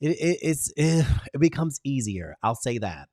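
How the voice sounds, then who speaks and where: A man's voice: very animated, moderate pace, a little mellow, no echo, clean studio sound. A man hosting a live stream, giving an emphatic motivational talk full of repeated affirmations and greeting viewers by name. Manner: emphatic, repetitive affirmations with big pitch swings. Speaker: livestream host.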